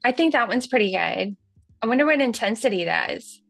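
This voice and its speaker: A woman in her thirties with a light Southern accent, hosting a casual software tutorial in a chatty, folksy way. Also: on the high side, expressive, brisk, vocal fry, no room sound, soft background music. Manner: chatty and folksy, says y'all, laughs at herself. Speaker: livestream host demonstrating software.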